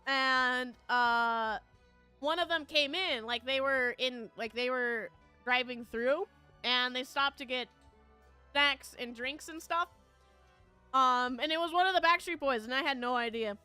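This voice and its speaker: A woman's voice: high-pitched, unhurried, bright, forceful tone, clear, resonant tone, soft background music. A woman streamer chatting casually with her viewers, telling a rambling story full of fillers and frequent laughter. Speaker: VTuber streamer.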